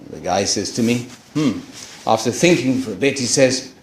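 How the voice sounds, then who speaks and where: A middle-aged man telling a personal story to an audience, acting out what others said and dropping into quiet asides. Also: medium pitch, moderate pace, a little hiss or hum. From England. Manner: animated storyteller, acts out quoted voices, drops to quiet asides. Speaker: speaker telling his conversion story. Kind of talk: storytelling talk to a campus audience. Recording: echoey hall.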